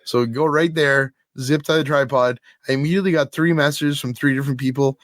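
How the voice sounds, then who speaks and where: A man hosting a podcast, retelling a weekend story in an easy, animated way and breaking into laughter along the way. His voice sits in a middle register. The sound is dry, with no room echo. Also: mid-range voice, a little fast. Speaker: podcast host. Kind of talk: casual chat.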